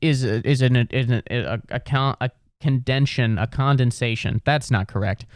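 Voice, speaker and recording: A man from Ohio riffing through a solo comedy podcast, rambling and swearing freely as he circles back on his own sentences. His voice is smooth and clear, recorded close and dry with no room sound. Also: medium pitch, normal speed, no room sound. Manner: rambling, profane, full of restarts. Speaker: podcast host.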